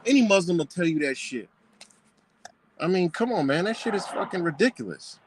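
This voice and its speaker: A man's voice: sits high, expressive, fairly quick, a little hiss or hum. A man ranting in a scornful, profane commentary, mocking what he reads and firing off rhetorical questions. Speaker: commentator reacting to a book.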